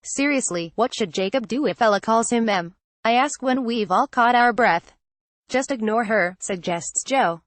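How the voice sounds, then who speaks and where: A woman narrating a memoir excerpt in an even, measured reading voice that changes little for the quoted lines. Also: a little high, no echo. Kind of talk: steady read-aloud narration.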